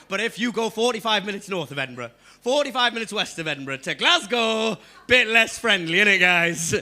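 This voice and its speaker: A young Geordie man doing stand-up on a club stage, punchy, shouting his punchlines and talking straight to the crowd. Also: sits high, lively intonation, quick pace. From England. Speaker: stand-up comedian. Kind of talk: stand-up comedy set.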